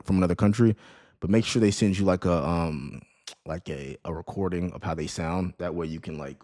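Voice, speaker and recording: In a casual screen-share lesson on running an online store, an online business course creator speaks in a low, darkish voice. He keeps it conversational, often tagging "right?" and "you know what I mean?" and restarting words.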